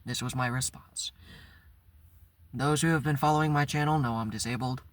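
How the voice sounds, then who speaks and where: A man's voice: mid-range voice, steady tone, normal speed, no room sound. A man hosting his own channel, telling a personal story in a candid, blunt way and swearing freely. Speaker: channel host. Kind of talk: casual vlog storytelling.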